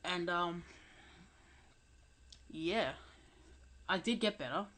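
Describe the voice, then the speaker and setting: Low-voiced young woman, mumbling. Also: drawn-out words, a bit bright. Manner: mumbling, hesitant. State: recovering from illness. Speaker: channel host. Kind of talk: casual audio commentary. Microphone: home desk microphone.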